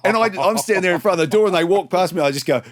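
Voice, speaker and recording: A man in his thirties with an Australian accent, a sports broadcaster telling animated anecdotes as a podcast guest, laughing and acting out quotes. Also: sits high, very fast, slight background noise. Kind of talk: casual storytelling chat.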